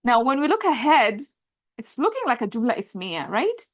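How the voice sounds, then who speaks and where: A woman's voice: fairly high pitch, very animated, fast, dry recording, dull audio. A woman teaching an Arabic grammar lesson, patiently explaining step by step and often checking with "right?". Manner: patient, repeats points, checks understanding with "right?".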